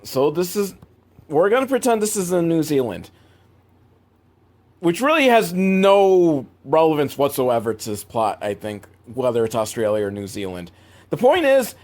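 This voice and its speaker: Rambling, sarcastic young man. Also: darkish tone. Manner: rambling, sarcastic, big swings in pitch. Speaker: movie reviewer. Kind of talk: comedic film recap.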